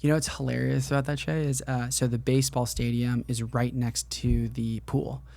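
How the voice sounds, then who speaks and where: A man's voice: medium pitch, little pitch movement, normal speed, gravelly, a little mellow. A man hosting a podcast interview, asking long winding questions full of "like.". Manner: leans on "like" as filler, talks in long winding questions. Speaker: podcast host. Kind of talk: casual interview chat.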